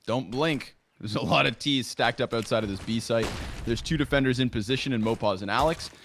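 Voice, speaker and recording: A man doing playful, jokey play-by-play commentary on an esports match, exclaiming loudly on big plays. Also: mid-range voice, vocal fry, a little hiss or hum.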